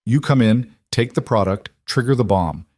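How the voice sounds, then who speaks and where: A man voicing a sharp, urgent woman combat trainer in an audio crime story, giving warnings. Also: mid-range voice, lively intonation, moderate pace, no room sound, clean studio sound, close to an everyday voice.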